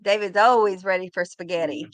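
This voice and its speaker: Speaking at medium pitch and a little quickly, a middle-aged woman runs a casual home live sale, recorded with no room sound. She's chatty and laughs a lot while welcoming viewers by name.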